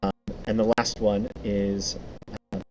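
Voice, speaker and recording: Slow, halting man running a game. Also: on the low side, level tone, over music. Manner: hesitant, lots of ums and uhs. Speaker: game master. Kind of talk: narrating a tabletop game. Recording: noisy stream audio.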